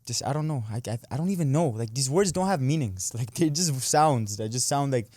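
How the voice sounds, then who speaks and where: A young Canadian online creator and amateur boxer chats casually as an interview guest, his mid-range, darkish voice animated and brisk in a clean studio recording with no room sound. He's laid-back, laughs easily, and trails off with lots of "like."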